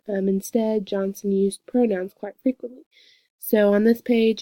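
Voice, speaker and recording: A young woman, a student giving a peer review of a classmate's work, reading quoted passages aloud slowly and commenting on them earnestly. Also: medium pitch, flat delivery, warm tone, no room sound.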